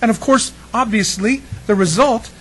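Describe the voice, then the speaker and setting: High-voiced man preaching lively. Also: normal speed, husky, poor audio. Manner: lively, conversational preaching with asides and questions to the congregation. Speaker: pastor. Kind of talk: sermon.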